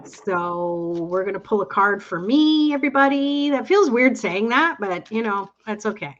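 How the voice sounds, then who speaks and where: A woman hosting a live online tarot reading, chatting warmly with viewers and reading their cards aloud. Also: mid-range voice, lively intonation, lo-fi sound. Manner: enthusiastic, reads cards aloud slowly. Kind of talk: casual live chat. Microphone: online call audio.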